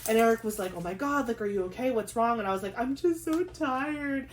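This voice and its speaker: A young woman chatting casually on her craft vlog, talking fast with lots of "like" and quick asides. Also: mid-range voice. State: pregnant. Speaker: craft vlogger. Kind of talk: casual chat.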